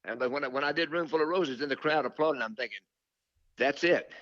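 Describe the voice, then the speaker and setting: A man's voice: on the high side, rapid-fire, fairly bright tone, dry recording. An older man telling stories as an interview guest, rambling with fillers and restarts and quoting his own thoughts. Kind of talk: casual storytelling interview. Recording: dull lo-fi dry sound.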